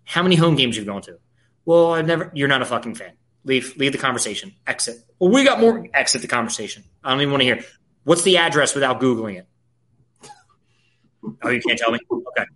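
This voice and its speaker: A man's voice: medium pitch, animated, fast, a bit bright. Ranting, profane man. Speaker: podcast co-host. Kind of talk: casual sports chat.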